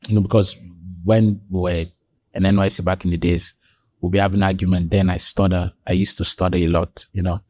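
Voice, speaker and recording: The delivery is flat and brisk, the voice a little mellow, and the recording dry. He's a male podcast guest relaying stories in animated conversation, performing each person's voice and jumping sharply higher in pitch on quoted dialogue.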